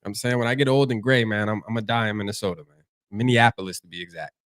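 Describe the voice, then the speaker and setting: Young charleston guy on a livestream, loose and slangy, dry close sound, keeps reading chat out loud. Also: on the low side, quick pace, no echo. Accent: Charleston, South Carolina. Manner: loose, slangy, repetitive, reads chat comments aloud. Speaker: livestream host. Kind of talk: casual fan livestream chat.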